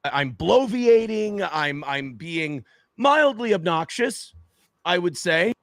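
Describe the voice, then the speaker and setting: A high-pitched man talks to his viewers in a casual monologue, justifying himself as he goes. He stumbles and restarts often, and the sound is dry and close with no room around it. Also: lively intonation, no echo. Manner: halting, self-justifying, many restarts. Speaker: streamer in a played clip.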